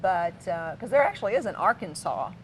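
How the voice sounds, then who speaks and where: A woman's voice: fairly low pitch, big pitch swings, a little fast, heavy background noise. A middle-aged woman co-hosting a local TV talk show in a studio, chatting playfully and teasing her co-host. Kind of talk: casual studio chat.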